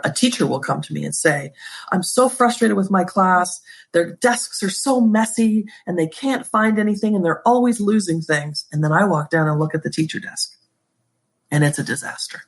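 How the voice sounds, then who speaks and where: Her voice sits low, gravelly and slightly rough as this woman, an educator and school leader, is interviewed on a podcast. She's passionate and emphatic, leaning on favorite phrases she repeats.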